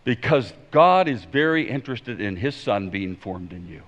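A man preaching a sermon as pastor, emphatic and swinging between loud declarations and hushed pleading. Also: lowish voice, expressive, normal speed, a little hiss or hum. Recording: dull sound in a long-reverb hall.

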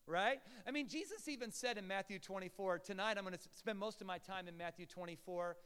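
A man preaching in a church sanctuary, his voice high and resonant with a long reverb trailing behind it. He swings from near-shouts down to quiet murmurs and slips in playful asides to the congregation. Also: brisk, few pauses, clean tone. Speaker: pastor. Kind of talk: sermon.

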